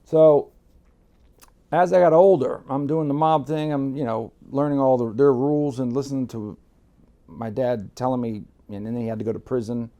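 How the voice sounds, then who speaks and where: A man from Miami tells stories as a guest, blunt and unpolished, with swearing. His voice is gravelly and dark. He slips into quoted voices as he talks. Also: medium pitch, fairly even intonation, normal speed. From Miami, United States. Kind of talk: casual storytelling.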